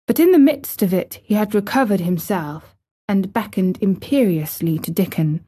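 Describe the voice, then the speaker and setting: A woman reading a classic novel aloud as an audiobook narrator, with measured, expressive storytelling. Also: medium pitch, husky.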